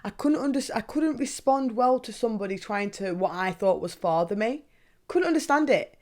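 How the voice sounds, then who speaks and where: A young woman hosting a podcast, talking casually and candidly, swearing freely and asking herself questions out loud. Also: on the high side, expressive, moderate pace. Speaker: podcast host. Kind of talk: casual monologue.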